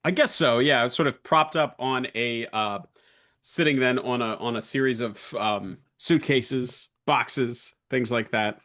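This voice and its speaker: A man narrating his character's moves at a tabletop role-playing game. He pauses often, searching for words with frequent fillers. His voice is bright and forward. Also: medium pitch. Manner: hesitant, filler-heavy describing. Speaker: player.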